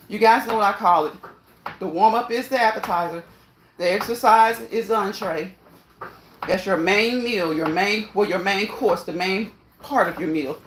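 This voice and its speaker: A woman's voice: mid-range voice, normal speed, reverberant, a little hiss or hum, rough recording. A woman vlogging as she exercises indoors on a machine, a little winded, repeating herself and encouraging viewers. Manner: repetitive, encouraging, laughs often. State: slightly winded. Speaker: fitness vlogger. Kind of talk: casual talk while exercising.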